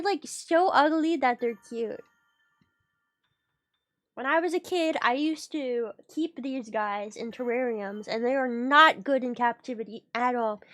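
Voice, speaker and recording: A woman streamer in casual livestream chat, excitable and playful, rambling and swearing casually, her voice leaping up and down in pitch and loudness.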